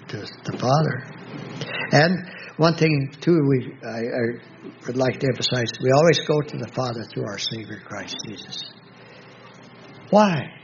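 Gravelly man preaching, slow and halting. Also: medium pitch. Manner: slow, halting, with many restarts and fillers; reads scripture aloud in a slow, measured voice. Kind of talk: Bible study sermon. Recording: dull lo-fi recording with faint background noise.

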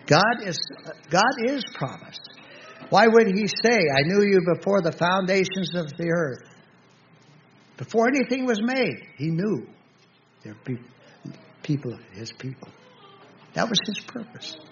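Male preacher, gravelly voice, halting delivery, dull lo-fi recording with faint hiss. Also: on the high side. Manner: slow, halting, with many restarts and fillers; reads scripture aloud in a slow, measured voice. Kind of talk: Bible study sermon.

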